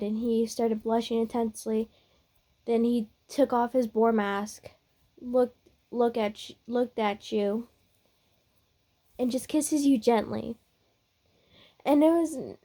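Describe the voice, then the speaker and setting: A woman's voice: fairly high pitch, dark tone. A woman narrating a reader-insert story in a casual, chatty way. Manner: unhurried, chatty, with fillers.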